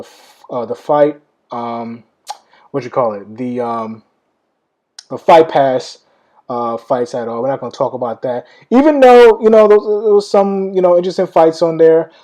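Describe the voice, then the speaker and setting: A man's voice: medium pitch, measured pace, dark tone, low-quality recording. A young man hosting a podcast, talking loosely and rambling with lots of fillers, calling his listeners y'all. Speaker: podcast host. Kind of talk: casual podcast talk.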